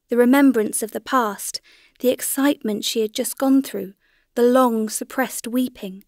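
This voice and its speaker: This is scripted narration from a woman reading an audiobook, calm and measured in delivery. Her pitch is medium, and the sound is dry and studio-clean.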